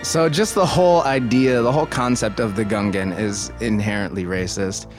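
A man's voice: lowish voice, moderate pace, music in the background. A man giving casual film commentary, thinking aloud and digressing with many restarts.

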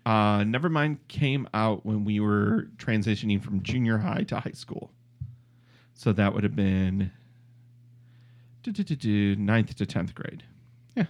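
A man's voice: fairly low pitch, unhurried, pauses often. A man in his forties from Michigan, hosting a casual podcast chat, joking and laughing often. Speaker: podcast host.

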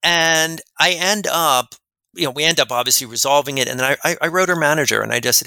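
A man, a guest expert on a podcast, telling rambling, animated anecdotes in an interview. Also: on the high side, quick pace, vocal fry, clear, resonant tone, no echo. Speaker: guest expert on workplace respect. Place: lives in New Jersey.

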